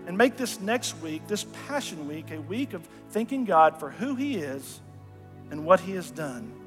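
A man preaching a sermon in a church, retelling scripture with dramatic, earnest storytelling that drops softly in volume. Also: sits high, very animated, measured pace. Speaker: pastor. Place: church sanctuary. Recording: long hall reverb with faint music. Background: faint music.

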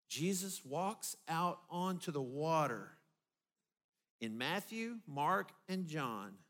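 High-voiced pastor preaching. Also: male voice, lively intonation, slow. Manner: vivid storytelling, drops low and soft for emphasis. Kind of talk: sermon.

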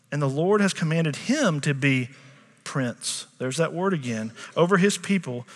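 A middle-aged man preaches to his congregation in a relaxed, chatty way, stopping to ask them questions. His voice sits a little high, and a long reverb from the church sanctuary trails after his words. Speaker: pastor. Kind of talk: sermon.

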